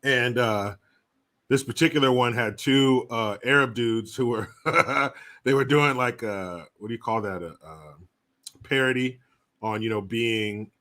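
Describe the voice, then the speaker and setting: A man with a bright, forward voice rambles through viewer shout-outs on his livestream. He talks loosely, swears freely, jokes around and drifts in and out of put-on voices. His pitch sits right in the middle range for a man. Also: measured pace. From United States. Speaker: livestream host reading viewer messages. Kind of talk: casual profane livestream chat.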